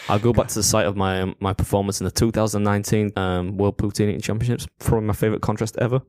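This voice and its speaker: A man's voice: lowish voice, fairly even intonation, racing, darkish tone, dry recording. A man with a Yorkshire accent, co-hosting a podcast in casual chat, blunt and swearing freely. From England. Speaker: podcast co-host, competitive eater.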